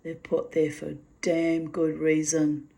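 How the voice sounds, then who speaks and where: A woman's voice: sits low, completely flat delivery, slow, vocal fry, dark tone. A middle-aged woman reading her diary aloud and chatting about it in a wry, self-mocking way that breaks into laughter. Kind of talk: casual spoken diary reading.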